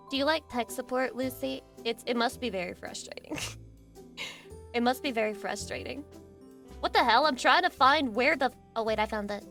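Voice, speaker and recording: Excitable, crude young woman streamer. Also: a little high, normal speed, soft background music. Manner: excitable, crude, self-mocking, talks to chat. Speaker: VTuber streamer. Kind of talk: casual livestream chat.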